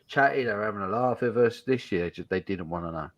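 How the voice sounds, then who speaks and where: A man's voice: fairly low pitch, lively intonation, fast talker, dry recording, muffled recording. A man trading casual banter on a live stream, blunt and swearing freely as he grumbles about bar staff. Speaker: guest co-host.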